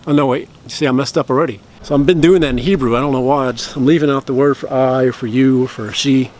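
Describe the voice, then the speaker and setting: A man's voice: mid-range voice, steady tone, a little mellow, a little hiss or hum. A man chatting casually to camera about learning a language, explaining at length and correcting himself as he goes. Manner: rambling, self-correcting explanations; slow careful practice of phrases.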